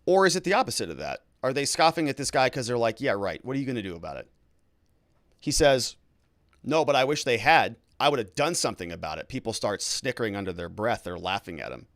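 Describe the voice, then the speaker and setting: A man giving commentary on a criminal trial, acting out courtroom questions in an animated, incredulous way. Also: mid-range voice, quick pace, dry recording, clean studio sound. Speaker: legal commentator.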